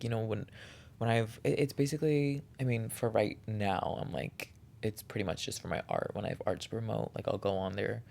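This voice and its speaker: Earnest man with a gravelly voice. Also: lowish voice, a little mellow, slight background noise. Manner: earnest, heartfelt, encouraging. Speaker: podcast host. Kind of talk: reflective solo podcast monologue.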